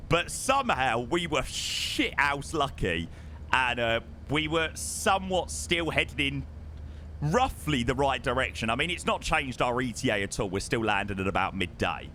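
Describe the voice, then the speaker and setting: A man's voice: medium pitch, animated, moderate pace, pushed and bright, a little hiss or hum. A young man streaming a flight sim, chatting casually with his chat and calling people mate, his voice strained because he is losing it.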